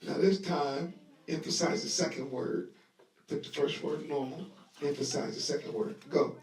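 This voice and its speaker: A man teaching a Bible lesson to a live audience in a lively sermon style, talking conversationally, acting out scenes, and leading call-and-response. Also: a little high, normal speed, crowd noise. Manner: conversational, acts out scenes with voices. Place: room at a live gathering. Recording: echoey live room audio, voice distant.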